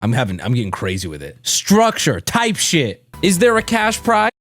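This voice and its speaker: A man streaming, chatting with viewers and rehearsing a trailer voice-over, drawing out words in a hammy, shouted announcer delivery and swearing as he jokes. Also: fairly high pitch, wildly swooping pitch, normal speed, dry recording, clean studio sound, faint music behind. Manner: joking, profane.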